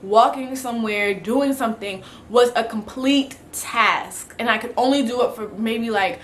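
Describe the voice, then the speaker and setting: Pregnant young woman just talking to camera, rambly, lots of likes, voice kinda high. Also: measured pace, a little hiss or hum. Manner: chatty, rambling, lots of "like" and "literally". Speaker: vlogger. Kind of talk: casual pregnancy vlog chat.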